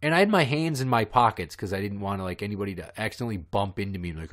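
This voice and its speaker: A man's voice: lowish voice, expressive, very fast, a bit bright. A man hosting a podcast who tells stories in a profane, heated, ranting way. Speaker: podcast host. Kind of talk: ranting storytelling.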